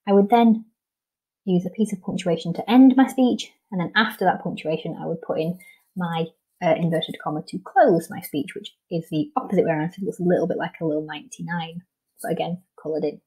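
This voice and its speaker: A woman's voice: on the low side, fairly quick, warm tone, husky, rough recording. A woman with a Welsh English accent, a primary school teacher patiently explaining a recorded lesson step by step, with frequent ums.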